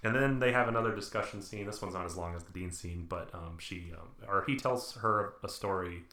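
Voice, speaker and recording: A man's voice: deep voice, fairly quick, bright, forceful tone, reverberant. A man hosting a podcast, chatting casually about a movie in a rambling, joking way. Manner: rambling, jokey, slips into put-on voices. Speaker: podcast host. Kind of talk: casual movie-review chat.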